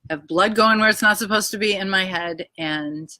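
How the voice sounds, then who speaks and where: A woman's voice: medium pitch, moderate pace, sharp tone, no echo. A woman speaking casually into her phone in her backyard, telling a personal story, emotional and rambling, with many "ums" and "anyways.". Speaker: vlogger sharing a personal health story. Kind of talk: casual live video chat. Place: backyard outdoors.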